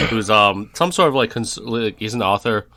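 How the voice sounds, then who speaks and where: Podcast guy with a lowish, bright edgy voice, deadpan quips. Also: a little slow, no echo. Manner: deadpan, wisecracking. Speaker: podcast co-host. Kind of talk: casual chat.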